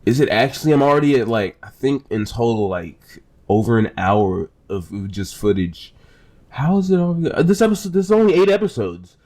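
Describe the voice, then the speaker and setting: A man's voice: medium pitch, very animated, brisk, darkish tone. A young man giving an exasperated, casual reaction rant as a commentator, stumbling over repeated words and swearing.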